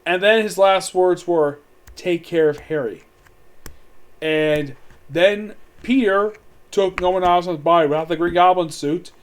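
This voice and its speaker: A man's voice: high voice, smooth. A man giving a casual, rambling spoken film review, amused, with many fillers and restarts. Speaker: movie reviewer.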